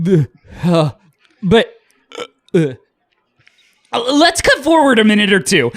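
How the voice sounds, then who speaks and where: Jokey woman narrator, high and bouncy, comic asides. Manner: chatty, jokey, rambling asides. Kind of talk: comic audio-drama narration.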